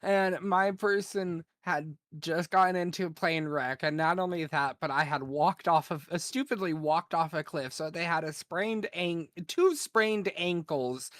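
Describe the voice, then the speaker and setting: A woman co-hosting a casual podcast, an animated storyteller who laughs often and swears freely. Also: fairly low pitch, measured pace, hardly any pauses, dry recording, clean studio sound. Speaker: podcast co-host, streamer. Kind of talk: casual chat.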